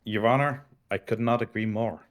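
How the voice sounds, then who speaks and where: Low-voiced man, smooth formal lawyer talk. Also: steady tone, moderate pace. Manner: formal, smooth-talking courtroom address. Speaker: defense attorney in a roleplay. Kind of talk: in-character roleplay.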